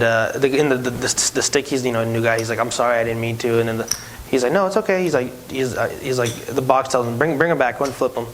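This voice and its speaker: A man who used to be a casino dealer tells stories in a casual chat, animated and acting out the people in them. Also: medium pitch, a little hiss or hum, poor audio. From Hispanic heritage, no country given. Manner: animated, acts out voices in his stories, many restarts. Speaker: podcast co-host, former casino dealer.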